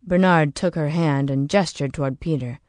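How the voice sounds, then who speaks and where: In a deep voice, a woman narrates an audiobook at a steady, measured pace. The recording is dry, with clean studio sound.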